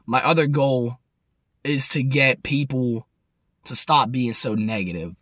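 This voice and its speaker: Profane rambling young man, bright voice. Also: medium pitch, unhurried, no room sound, clean studio sound. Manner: profane, rambling, swings between loud and muttered. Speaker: vlogger. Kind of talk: casual rant to camera.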